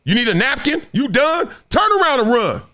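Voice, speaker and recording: A man mimicking a gruff, blunt football coach who barks orders at a player. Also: very high voice, sing-song, brisk, bright, forceful tone, voice pushed up, full character voice. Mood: barking. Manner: mocking, blunt, commanding.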